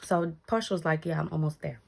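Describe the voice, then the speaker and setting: A woman's voice: a little fast, vocal fry. A young woman tells a story in a casual vlog, acting out what people said with big jumps in her voice. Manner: animated, acts out quotes with big pitch jumps. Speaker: vlogger.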